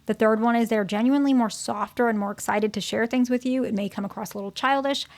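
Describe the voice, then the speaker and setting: A woman's voice: a little high, fast talker, no room sound. A woman therapist giving relationship advice in a casual, conversational way, often checking in with "okay?" and "right?". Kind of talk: casual advice talk to her channel's viewers.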